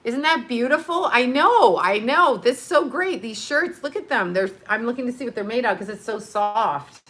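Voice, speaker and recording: A middle-aged woman hosting a casual live stream, gushing and excitable, laughing often and breathing heavily. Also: a little high, normal speed. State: heavy breathing.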